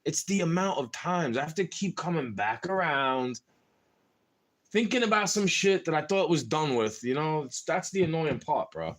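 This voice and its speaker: A young man rambles through a frustrated monologue, slangy and conversational. His voice sits a bit high and swings widely in pitch as he vents. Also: lively intonation, normal speed. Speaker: vlogger. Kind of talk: casual monologue to camera.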